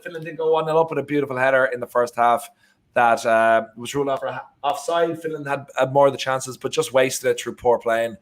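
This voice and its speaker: An Irish man co-hosting a live football watchalong, joking and reacting excitedly to the match. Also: medium pitch. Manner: excitable, jokey, bursts into shouting and laughter. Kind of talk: casual live match chat.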